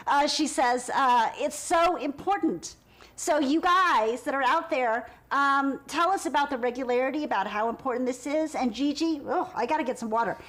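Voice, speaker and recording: A woman hosting a live stream, bubbly and exclamatory, reading out viewer comments. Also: high-pitched.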